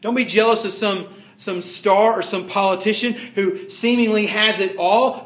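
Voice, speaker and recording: High-voiced man preaching in an echoey room. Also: fairly even intonation, moderate pace, hardly any pauses, a bit bright. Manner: emphatic, repetitive preaching with rising and falling force. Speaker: pastor. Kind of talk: sermon.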